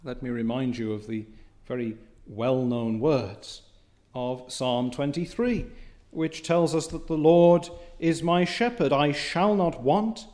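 Slow, deliberate preacher man. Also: mid-range voice. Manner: slow, deliberate preaching with emphatic rises and quiet drops; reads scripture in old biblical wording. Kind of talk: sermon.

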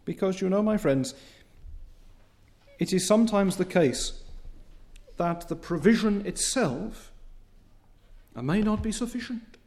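A man preaching a sermon, reading scripture in old biblical wording, with emphatic rises and quiet drops. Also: high-pitched, animated, slow pace, pauses often.

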